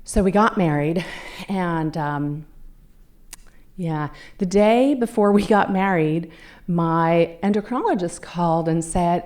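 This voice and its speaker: A woman's voice: on the low side, slow pace, darkish tone. A woman in her fifties giving a talk as a guest speaker, telling a personal story in a conversational way and acting out the people she quotes. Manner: conversational, acts out quoted voices. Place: club meeting room.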